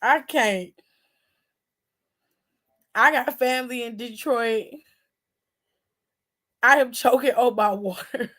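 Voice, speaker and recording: A high-pitched woman from Cleveland hosts a wrestling aftershow. Her casual chat is animated and profane, and she slips easily into exaggerated outrage. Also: takes it slowly, pauses often. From Cleveland, Ohio.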